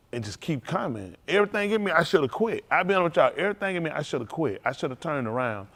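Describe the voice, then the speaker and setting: Emotional preacher man with a lively swinging voice. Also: fairly high pitch. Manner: emotional, conversational, laughing and exclaiming. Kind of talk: informal sermon testimony. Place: synagogue hall during livestream.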